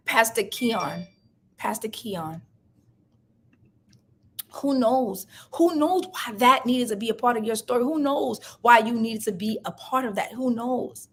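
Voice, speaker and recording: A young adult woman with a fairly high, fairly bright voice speaks unhurriedly while hosting a live chat about love and life. She's passionate and emotional, close to tears, and repeats phrases for emphasis in this casual live-stream talk.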